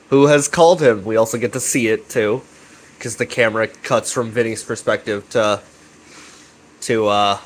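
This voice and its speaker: A man's voice: mid-range voice, rough recording. Profane, rambling male recapper. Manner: profane, filler-heavy, chummy. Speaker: channel host recapping a web series.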